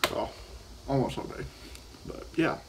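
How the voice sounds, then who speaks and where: A man's voice: measured pace, background noise. Rambling, profane teenage boy. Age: teens. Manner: profane, rambling, restarts sentences. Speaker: vlogger. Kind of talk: casual storytelling while vaping.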